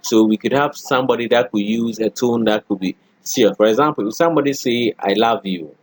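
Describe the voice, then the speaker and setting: Man giving a dry, unhurried lecture. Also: medium pitch, no echo. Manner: repeats okay and all right, acts out spoken examples. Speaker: college lecturer. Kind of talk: classroom lecture.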